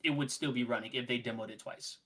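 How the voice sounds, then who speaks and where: A man co-hosting a gaming podcast, talking casually in an animated, rambling way and laughing often. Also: medium pitch, quick pace. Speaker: podcast co-host.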